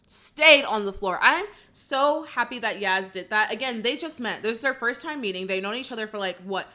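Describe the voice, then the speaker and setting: A woman chats through a movie recap with a bright, forward voice, opinionated and animated. She jumps into the characters' lines as she retells them. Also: on the high side, brisk. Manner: opinionated, chatty. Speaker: channel host. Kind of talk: casual movie reaction recap.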